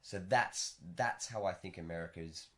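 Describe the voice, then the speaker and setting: Low-voiced guy on a podcast, animated, jumps up loud when he acts stuff out. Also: moderate pace. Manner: animated storyteller, acts out both sides in raised voices. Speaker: podcast co-host. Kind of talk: casual chat. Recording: stereo podcast mic.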